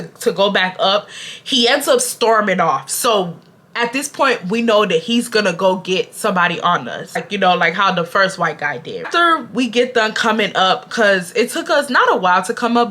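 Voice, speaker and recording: Young woman vlogger, bright and animated, slangy casual storyteller. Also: mid-range voice. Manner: animated, slangy, addresses viewers directly.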